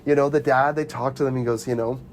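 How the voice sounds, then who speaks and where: Young man, podcast co-host, casual movie chat, animated, laughs often, faint background hiss. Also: mid-range voice, fast.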